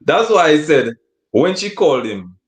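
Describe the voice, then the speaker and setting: A man's voice: a little high, big pitch swings, moderate pace. A man co-hosting a casual recap chat, laying out his view in a laid-back way. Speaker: co-host.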